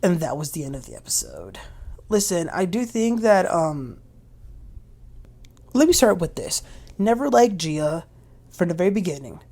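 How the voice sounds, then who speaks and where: A woman's voice: on the low side, huge pitch swings, normal speed, long pauses, warm tone. A woman hosting a casual TV recap, chatty and opinionated as she retells scenes. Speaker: reality TV recap host. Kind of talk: casual episode recap commentary.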